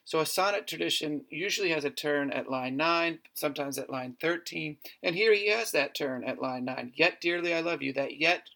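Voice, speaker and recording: A man discussing a poem in a measured, analytical way in a literature lesson. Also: fairly high pitch, vocal fry, bright, forceful tone. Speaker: literature teacher.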